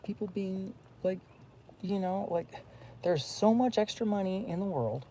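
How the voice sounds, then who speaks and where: Rambling gravelly-voiced man. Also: sits high, a little slow, dark tone, slight background noise, poor audio. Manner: rambling, many fillers and restarts. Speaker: vlogger. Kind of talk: rambling casual monologue.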